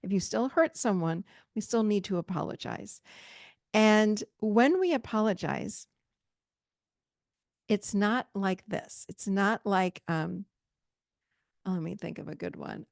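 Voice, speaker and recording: A woman talks straight to her listeners as a relationship coach on her podcast, emphatic and direct. Her voice has a gravelly fry at mid pitch. The sound is close and dry. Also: animated, takes it slowly, long pauses, dry recording. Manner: emphatic, direct, conversational, addresses listeners as "you guys". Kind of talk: solo podcast advice talk.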